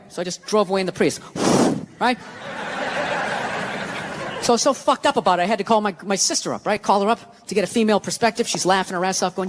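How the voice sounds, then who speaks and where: A man's voice: very high voice, fast talker, fairly bright tone. A man doing stand-up comedy, telling a story in a brash, blunt and profane way on a club stage. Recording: live club with noisy crowd.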